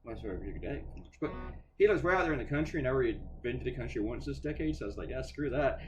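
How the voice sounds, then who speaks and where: A cartoonist rambles casually while drawing, chatty and sarcastic, swearing freely and often restarting his sentences. His medium-pitched voice is animated and very fast, with background noise in the recording.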